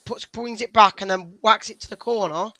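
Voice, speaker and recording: A man's voice: sits high, normal speed, pushed and bright, dry recording, poor audio. A man talking football casually on a fan show, hesitant and restarting his sentences.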